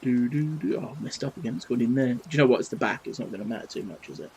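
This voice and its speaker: A man's voice: mid-range voice, lively intonation, fast talker, gravelly, darkish tone, a little hiss or hum, poor audio. A British man in his thirties chatting cheekily and swearing playfully while painting on a live stream at his home desk. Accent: British English. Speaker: livestreamer painting models.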